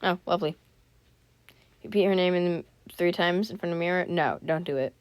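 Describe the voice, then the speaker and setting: Read like a woman sharing a spooky story with her viewers, voice set a little low for a woman, the sound dry and close with no room around it. She keeps breaking off mid-sentence for jokes and quick apologies, then drops back into the story. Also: smooth, dry recording. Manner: breaks off reading to joke, comment and apologize. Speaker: channel host reading a scary story aloud. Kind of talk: casual read-aloud with chatty asides.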